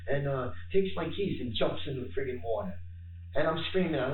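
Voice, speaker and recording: A man being interviewed by police, talking haltingly with many fillers. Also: mid-range voice, expressive. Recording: echoey room, distant mic, faint noise.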